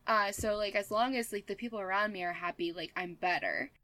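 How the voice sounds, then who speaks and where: A woman's voice: mid-range voice, fairly quick, pushed and bright, dry recording, poor audio. Candid woman in casual chat. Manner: candid, confessional, filler-heavy.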